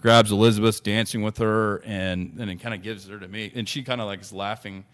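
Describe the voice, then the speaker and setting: Earnest, rambling man with a lowish voice. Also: fairly even intonation, fairly quick, a bit bright. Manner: earnest, rambling, many restarts and "you know". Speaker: guest. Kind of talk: personal storytelling in an interview.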